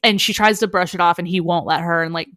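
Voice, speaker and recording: A woman co-hosting a chatty podcast, walking her friends through a romance plot and slipping into the characters' lines as she goes. Her voice sits a little low, and the recording is dry and close. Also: quick pace, no room sound. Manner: animated storytelling, acting out character quotes. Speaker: podcast co-host. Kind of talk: casual chat, retelling a romance story.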